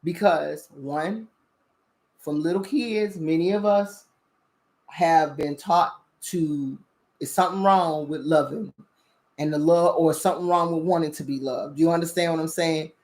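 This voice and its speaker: Host, woman, lowish voice, blunt and profane spiritual commentary, keeps asking "you understand?". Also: a little slow. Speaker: spiritual talk show host.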